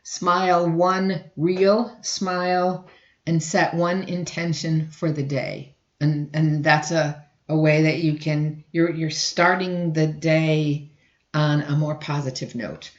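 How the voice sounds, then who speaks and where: A woman instructor giving a recorded lecture, often clearing her throat and restarting sentences. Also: deep voice, flat delivery, slow pace, roomy sound, muffled recording. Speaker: college instructor.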